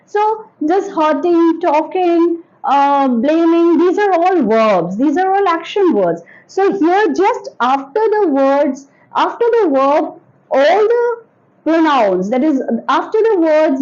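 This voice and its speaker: A woman teaching an English grammar lesson to children, speaking slowly and repeating each point with examples. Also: sits high, darkish tone, highs cut off. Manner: addresses children directly.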